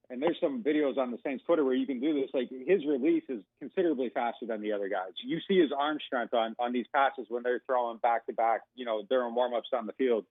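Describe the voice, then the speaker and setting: A man's voice: medium pitch, dry recording. A man, a sports reporter calling in as a guest, talking through his analysis in a loose, rambling way with plenty of fillers. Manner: talkative, rambling with many fillers. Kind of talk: casual phone-in analysis. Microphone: phone. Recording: tinny phone line.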